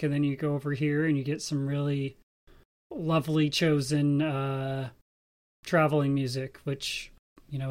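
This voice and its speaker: A man's voice: a little high, darkish tone. A married man on a podcast, rambling enthusiastically and jokingly about a favorite film. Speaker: podcast co-host. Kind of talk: casual film discussion.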